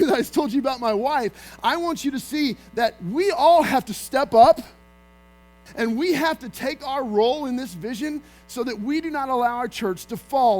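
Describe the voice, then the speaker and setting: Man, pastor, sermon, high-pitched, animated storytelling, soft music underneath. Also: rough recording. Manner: energetic storytelling with acted-out quotes. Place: church sanctuary.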